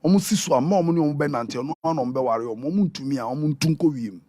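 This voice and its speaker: A Ghanaian man, a prophet who guests on a radio talk show, preaching in a lively way and switching between Twi and English. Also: a little high, fast talker, no room sound, studio quality. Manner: animated, mixes Twi and English, acts out quotes.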